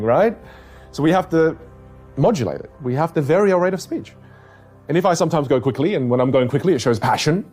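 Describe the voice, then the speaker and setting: A young man talks as a communication coach in an interview. He is animated and theatrical, demonstrating points by reshaping his own voice. Faint music plays underneath. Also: mid-range voice. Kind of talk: podcast interview, demonstrative teaching.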